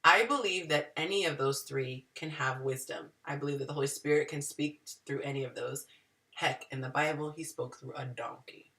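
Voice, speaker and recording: A woman hosting a casual group video chat, an animated, self-deprecating storyteller who acts out the people she quotes. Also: sits low, moderate pace, far from the mic. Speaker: host. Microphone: video call.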